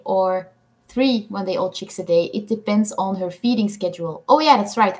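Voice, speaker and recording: A woman hosting a casual livestream, reading viewers' comments aloud and answering them with frequent ums and little laughs. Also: medium pitch. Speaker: livestream host.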